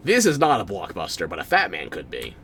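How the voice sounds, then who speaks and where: A man's voice: sits low, huge pitch swings, a little fast, a bit bright, a little hiss or hum. A man streaming a game, giving casual commentary in a wry, sarcastic way and bantering with chat.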